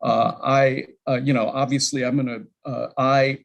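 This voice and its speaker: A man's voice: mid-range voice, little pitch movement, normal speed, vocal fry, highs cut off. Rambling man chairing a committee. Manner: rambling, self-correcting. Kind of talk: opening remarks at a legislative hearing.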